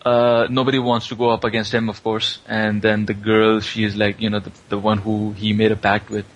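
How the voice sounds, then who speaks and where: A man's voice: lowish voice, monotone, fairly quick, low-quality recording. Man casually rambling through a story recap. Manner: rambling, filler-heavy storytelling.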